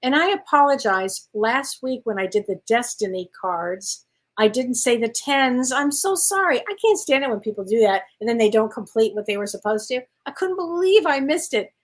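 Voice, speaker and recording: Rambling chatty lady doing psychic readings on a live stream, kinda high voice, calls everyone honey. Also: lively intonation, normal speed. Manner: chatty, uses endearments like honey and sweetheart; rambling with frequent restarts and self-corrections. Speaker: psychic medium host.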